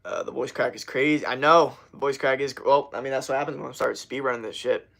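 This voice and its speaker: Young male streamer, gravelly, loose and profane, talks in quick restarts. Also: medium pitch, fairly even intonation, fairly bright tone. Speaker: livestream host. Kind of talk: casual livestream chat.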